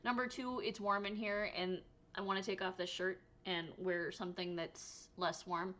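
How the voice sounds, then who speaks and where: A woman's voice: medium pitch, flat delivery, moderate pace, a bit bright. A tired woman talking casually to camera about her day for her crochet channel, rambling and laughing often. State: exhausted. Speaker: crochet vlogger. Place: home room.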